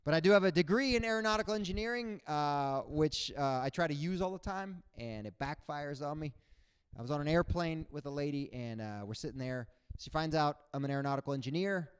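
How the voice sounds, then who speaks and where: A young adult man performing a stand-up comedy set, animated, jumping into loud high voices for the people in his stories. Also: a little fast, clean tone. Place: comedy stage before a live audience.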